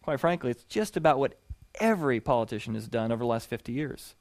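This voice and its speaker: A man teaching a sermon-style session, telling stories with lively animation that builds to loud punchlines. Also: mid-range voice, quick pace, no echo. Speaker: preacher teaching a series.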